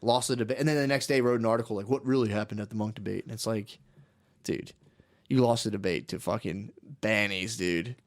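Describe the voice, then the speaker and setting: A man's voice: lowish voice, fairly quick. A man co-hosting a comedy podcast, rambling in casual profane chat, laughing often and slipping into mocking impressions. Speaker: podcast co-host.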